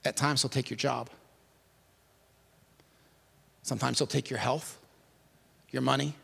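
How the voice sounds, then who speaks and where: A male pastor delivering an impassioned sermon at a church service, swinging from hushed to emphatic. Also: mid-range voice, steady tone, normal speed, gravelly, slightly rough, in a large hall.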